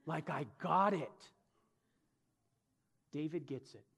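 A man's voice: a little high, gravelly, a bit bright, slight background noise. Dramatic preacher man in a reverberant hall. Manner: dramatic storytelling with slow emphatic phrases. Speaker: pastor. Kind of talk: sermon. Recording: long reverb of a large hall.

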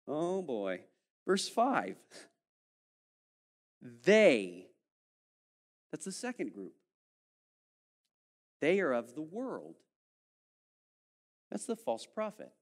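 Animated preacher man in a reverberant hall. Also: medium pitch. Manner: animated, acts out listeners' voices, swings from loud to hushed. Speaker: pastor. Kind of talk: sermon.

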